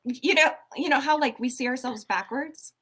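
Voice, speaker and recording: A woman with a fairly high voice hosts a casual podcast. She talks in an animated, exclamatory way. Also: moderate pace, husky. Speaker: podcast host. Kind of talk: casual chat.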